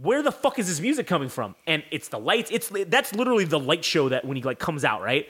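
Casual podcast host, young man, animated storyteller, acts out voices, high and very lively. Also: fast talker, slightly rough.

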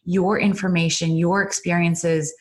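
A woman's voice: fairly low pitch, flat delivery, a little slow. A middle-aged woman hosting her own podcast, talking off the cuff in an earnest, emotional motivational monologue full of fillers and repeated "you guys". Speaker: podcast host and business coach. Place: indoors at a computer. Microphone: computer mic.

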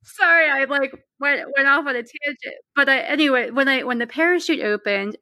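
A woman, a guest telling personal stories in a lively, casual way, laughing now and then. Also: a little high, creaky, dry recording. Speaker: interview guest. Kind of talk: casual storytelling.

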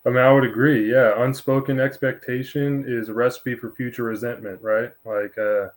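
A man speaking as a guest in a casual conversation, calm and reflective. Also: mid-range voice, normal speed, poor audio. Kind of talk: casual chat.

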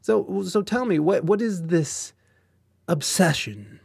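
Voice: mid-range voice, animated, slow pace, gravelly, a little mellow, breathy edge, no room sound, clean studio sound. A podcast host chatting casually with a guest, teasing and emphatic, prone to playful rants.

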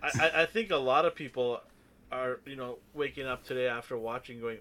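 A man's voice: mid-range voice, a little fast, bright, forceful tone, slight background noise. A man hosting a casual discussion podcast, leading the talk with playful, mock-sarcastic teasing. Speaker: podcast host.

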